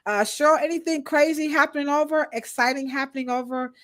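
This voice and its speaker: A woman co-hosting a live-stream podcast, chatting casually and shouting out viewers in the chat by name. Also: high-pitched, a little fast. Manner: casual, slangy American speech. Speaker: podcast co-host.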